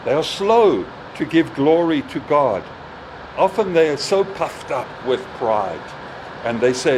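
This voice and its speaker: A man preaching a sermon, slow and emphatic, with rising exclamations. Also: a little high, sing-song, noisy background.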